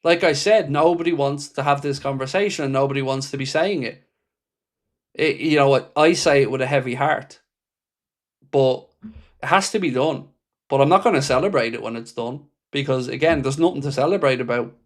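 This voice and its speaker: A man's voice: mid-range voice, moderate pace. A man hosting a football fan livestream, reading viewer comments and answering them bluntly, with passion and frequent swearing. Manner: impassioned, blunt, swears freely. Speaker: football fan channel host. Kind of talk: livestream reaction chat.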